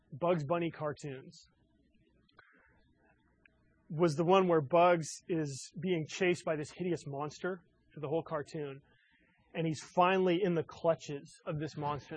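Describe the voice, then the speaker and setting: A man's voice: a little high, fairly even intonation, moderate pace, pauses often, no echo, rough recording. A male pastor preaching a sermon in an earnest way, asking his listeners many rhetorical questions.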